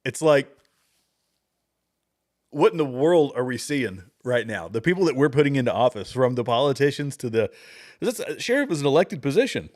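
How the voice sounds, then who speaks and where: A man's voice: medium pitch, sing-song, normal speed, a little mellow. A middle-aged man hosting a livestream, chatting casually with viewers, rambling and chuckling at clips. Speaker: livestream host.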